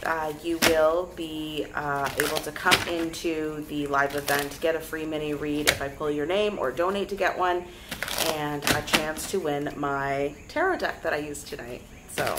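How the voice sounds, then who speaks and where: A young woman giving a casual tarot reading to camera, chatty and lively, talking straight to her viewers. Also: low voice, moderate pace, heavy background noise. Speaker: tarot reader.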